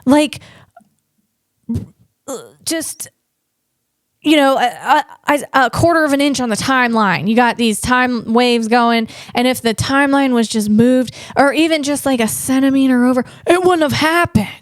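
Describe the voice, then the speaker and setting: A woman's voice: sits high, a little slow, no echo, studio quality. A woman podcast host and comedian chatting casually, rambling and digressing with many restarts.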